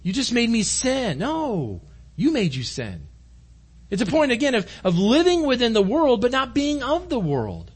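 A man's voice: very high voice, wildly swooping pitch, unhurried, husky. A man preaching a conversational sermon to his congregation in a church room, earnest and direct. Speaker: pastor.

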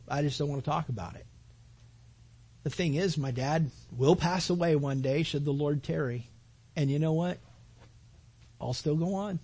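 A man preaching a sermon as a pastor, earnest, repeating his phrases and building to loud emphatic peaks. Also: a little high, husky.

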